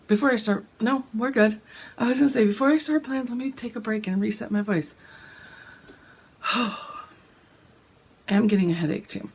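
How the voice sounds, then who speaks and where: A woman, hoarse and gravelly from a cold, chatting casually about her cross-stitch plans and often clearing her throat. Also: unhurried, long pauses. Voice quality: gravelly, deep. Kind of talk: casual chat.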